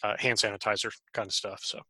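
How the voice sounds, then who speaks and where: A man hosting a podcast in casual chat, giggling a lot and filling pauses with hesitant "uh"s and "um"s. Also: on the low side, little pitch movement, bright, forceful tone, breathy edge, no room sound. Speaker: podcast host.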